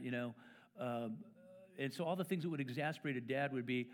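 A man's voice: a little high, quick pace. A middle-aged man preaching a sermon in a church, conversational and playful, acting out quoted fathers with stammers and asides. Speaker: pastor. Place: church sanctuary.

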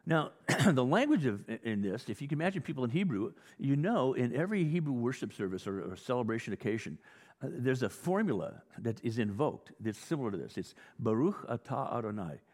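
A male pastor preaching a sermon in a conversational, animated teaching style with frequent restarts. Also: medium pitch, a little fast. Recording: long hall reverb.

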